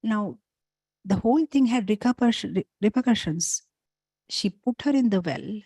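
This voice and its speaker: A woman, a spiritual teacher, telling scripture stories in a talk, animated, with frequent "you know" fillers. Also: mid-range voice, normal speed, breathy edge, dry recording.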